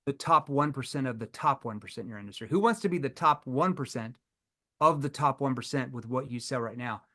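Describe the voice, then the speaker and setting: A man's voice: medium pitch, expressive, a little fast, a bit bright. A man leading a live online sales training, emphatic and firing rhetorical questions at his audience.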